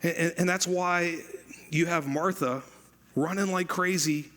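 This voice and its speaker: A man preaching a sermon as pastor, conversational and animated, repeating phrases for emphasis. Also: high voice, a little slow.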